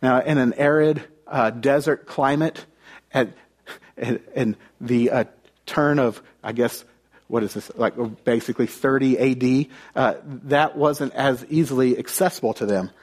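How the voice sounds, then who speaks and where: A man's voice: medium pitch, measured pace. A young man from the United States preaching a conversational sermon, telling stories and often restarting his phrases.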